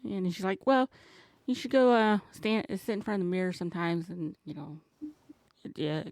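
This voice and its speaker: A woman's voice: on the low side, fairly even intonation, normal speed, darkish tone, no room sound. A woman in casual conversation as a podcast guest, telling a story in a chatty way and quoting what others said with playful humor.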